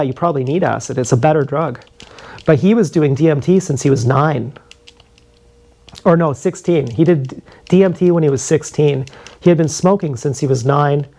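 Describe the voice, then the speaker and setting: A man's voice: fairly high pitch, a little mellow. A man rambling through a casual story on a live stream, loose and profane, full of fillers and restarts. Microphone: streaming camera mic.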